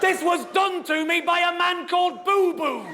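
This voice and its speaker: British male stand-up, high and excitable, punchlines yelled, noisy live-show sound. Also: moderate pace, a loud crowd. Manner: excitable, swearing, shouting punchlines. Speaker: stand-up comedian. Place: theatre stage with audience laughter.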